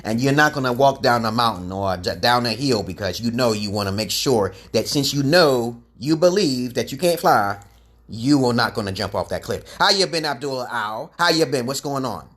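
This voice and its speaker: A man's voice: mid-range voice, animated, normal speed, fairly bright tone. A man rambling through a preachy livestream monologue on a webcam mic, swearing freely and greeting chat viewers as he goes. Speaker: livestream host giving self-styled advice.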